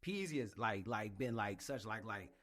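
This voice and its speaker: A man's voice: lowish voice, expressive, normal speed, fairly bright tone. A man hosting a podcast, telling stories loosely, full of filler words and swearing. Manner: loose, filler-heavy, profane storytelling. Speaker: podcast host, Marine recruiter. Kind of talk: casual podcast chat.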